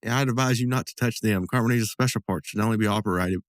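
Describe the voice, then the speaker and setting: Prim old gentleman, formal and proper, as a man reads him out, low-pitched and dry. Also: fast talker, no echo, close to an everyday voice. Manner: proper, old-fashioned phrasing.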